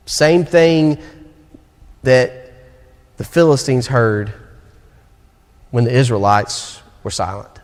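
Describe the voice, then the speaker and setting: A young man with a Southern American accent preaching a sermon in a church sanctuary, moving between quick asides and slow, stressed phrases. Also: mid-range voice, expressive, darkish tone. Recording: long reverb of a church hall.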